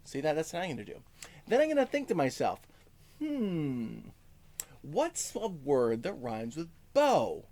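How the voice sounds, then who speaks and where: A man teaches a music lesson to first graders, taking his time over each word. His voice rises and falls in a lively, animated way. He keeps checking that the children are following along. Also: a little high. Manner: encouraging, talks slowly to young children, sings short lines; lots of "okay?" check-ins.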